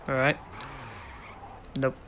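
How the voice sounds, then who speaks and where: A man's voice: extremely slow, fairly bright tone. A man giving let's play commentary, muttering to himself and breaking into sudden yelps and laughter. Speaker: gaming video host.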